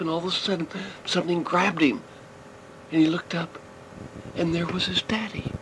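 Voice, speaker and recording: A man's voice: fairly high pitch, fairly even intonation, normal speed, long pauses. An older man telling a children's story in a folksy, rambling way, often restarting his sentences. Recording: noisy recording, vehicle noise behind.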